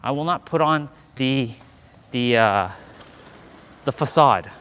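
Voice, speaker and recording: Bright-voiced man talking while walking outside. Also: medium pitch, expressive, slow. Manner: candid, profane, motivational. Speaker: live-streaming vlogger. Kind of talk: casual live-stream talk while walking. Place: outdoors, walking. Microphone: handheld gimbal camera.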